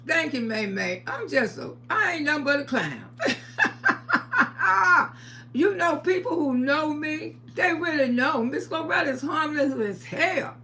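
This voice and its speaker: A woman's voice: high voice, very animated, normal speed, hardly any pauses, fairly bright tone. An older woman hosting a live stream, greeting viewers by name and laughing often, calling them sugar and baby. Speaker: livestream host.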